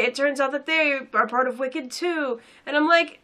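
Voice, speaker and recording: Young woman film critic, sarcastic and rambling, slightly high-pitched. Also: normal speed, pushed and bright. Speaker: film reviewer. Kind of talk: casual chat review.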